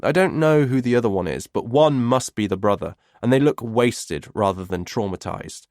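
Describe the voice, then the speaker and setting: A man narrating a thriller audiobook in the first person, in a measured, wry storytelling manner. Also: mid-range voice, lively intonation, darkish tone, dry recording, clean studio sound.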